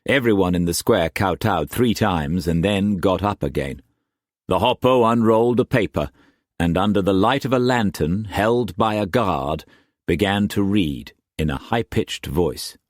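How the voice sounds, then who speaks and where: Man narrating an audiobook, very deep voice, lively intonation, slow, measured, dramatic. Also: no room sound, studio quality. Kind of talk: scripted novel narration.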